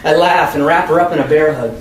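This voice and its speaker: A young man from the United States reads his own first-person story to an audience at a public reading. His voice sits high and his delivery is emphatic and expressive. The sound is echoey and distant, with a faint hum underneath. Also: fast. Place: convention room with an audience. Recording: echoey room, far from the mic, faint hum.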